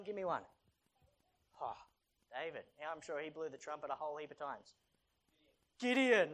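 Chatty playful preacher. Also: medium pitch. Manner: chatty and playful, joking with the audience. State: short of breath. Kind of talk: casual sermon with a Bible reading.

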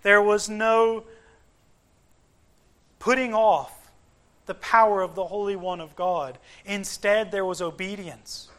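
A man delivers a sermon in a high voice. He speaks slowly, leaning on words with measured emphasis, and lets pauses hang between phrases. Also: fairly even intonation, fairly bright tone. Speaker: preacher.

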